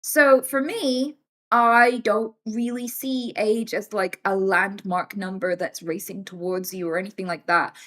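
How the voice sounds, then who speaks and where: Thirtysomething woman streamer chatting away, swears a lot, mid-pitched voice. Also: a little slow. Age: 30s. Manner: animated and swearing, acts out quoted voices. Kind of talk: casual live-stream chat.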